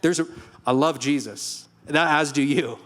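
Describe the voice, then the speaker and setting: A man's voice: a little high, measured pace, fairly bright tone. A young man preaching a sermon in a church hall, earnest and conversational, with storytelling asides. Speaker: pastor.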